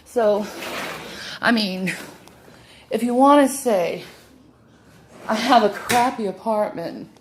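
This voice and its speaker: A woman's voice: on the high side, slow, pauses often, a little hiss or hum. Breathless, showy woman touring her home. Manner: showy, defiant, calls viewers darling. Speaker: vlogger giving a home tour. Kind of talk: walking home-tour vlog. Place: indoor apartment, moving between rooms.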